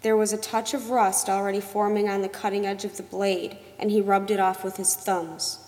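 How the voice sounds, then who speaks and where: A woman reading a novel aloud as narrator, in a measured, expressive storytelling manner. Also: mid-range voice. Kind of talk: audiobook narration. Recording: long reverb.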